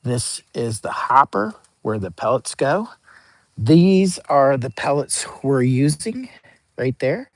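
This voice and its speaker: A man's voice: mid-range voice, dry recording. A man talking casually in a rambling, goofy, slangy product review vlog, outdoors at camp. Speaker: vlogger. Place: camping outdoors.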